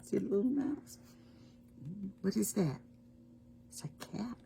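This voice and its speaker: A woman reading a picture book aloud to preschoolers, animated and asking the children questions. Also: medium pitch, slow pace, vocal fry, pauses often, a little hiss or hum. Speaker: storytime reader.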